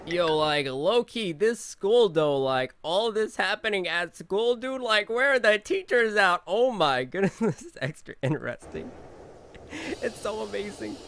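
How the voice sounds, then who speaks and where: A young man hosting a reaction video, excitable and slangy, often breaking into shouts and laughter. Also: high-pitched, measured pace, slight background noise.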